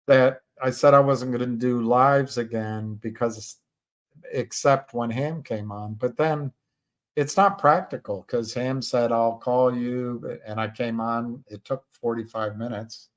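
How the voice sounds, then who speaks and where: A man talks alone on a livestream, thinking out loud as he goes. His delivery is slow and unhurried, full of pauses, restarts and fillers. His voice sits at an ordinary middle pitch. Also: fairly even intonation. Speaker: livestream host. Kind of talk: casual livestream commentary.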